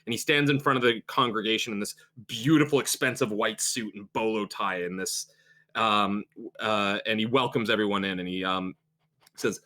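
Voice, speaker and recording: A man's voice: fairly low pitch, fairly even intonation, moderate pace, sharp tone. A man running a tabletop horror game as game master, narrating in a rambling, improvised way with many fillers.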